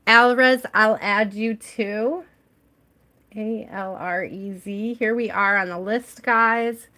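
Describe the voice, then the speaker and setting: A woman's voice: medium pitch, steady tone, slow, bright, forceful tone. An American woman hosting a tarot livestream, chatting with viewers and reading out their names. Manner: chatty, reads out viewer names, laughs often. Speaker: tarot reader and livestream host. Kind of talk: casual livestream chat with viewers.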